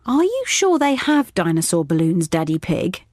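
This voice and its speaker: A woman's voice: on the low side, very animated, moderate pace, darkish tone, no room sound, clean studio sound. A kind cartoon mother pig. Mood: gentle.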